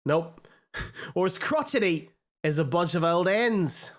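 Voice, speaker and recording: Guy doing a goofy fake australian accent, bouncy up and down pitch. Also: lively intonation, slow. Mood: playful. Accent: put-on Australian. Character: man putting on an Australian accent.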